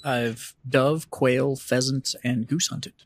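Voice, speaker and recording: A man's voice: mid-range voice, steady tone, slow pace, no room sound. A man from Texas in casual podcast chat, giving matter-of-fact hunting advice.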